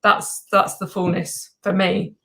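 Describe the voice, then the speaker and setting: A woman's voice: mid-range voice, level tone, slow pace, vocal fry, a bit bright, low-quality recording. A woman talking candidly as a guest on her husband's show, reflective and a little hesitant. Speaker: guest, host's wife. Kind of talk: casual conversation.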